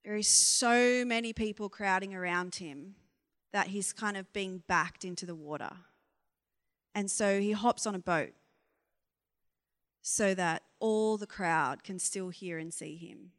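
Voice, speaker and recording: A woman's voice: medium pitch, unhurried, fairly bright tone. A woman giving an informal sermon, candid and conversational, asking frank exasperated questions. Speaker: preacher. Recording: long reverb of a hall.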